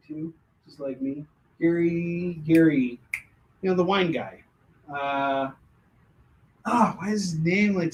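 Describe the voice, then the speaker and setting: A man hosts a casual live sales stream in a somewhat high voice. He keeps it loose and joking, swears freely and often restarts his sentences as he calls out prices. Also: fairly bright tone. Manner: loose, joking, swears, stumbles over words. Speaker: host selling comics live.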